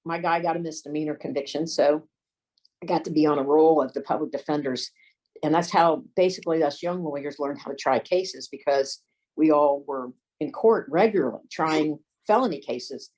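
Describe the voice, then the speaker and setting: A woman's voice: low-pitched, normal speed, a little mellow, poor audio. An older woman, a lawyer and former detective, telling folksy courtroom anecdotes in an interview. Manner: folksy anecdotes, acts out quoted voices. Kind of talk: storytelling interview.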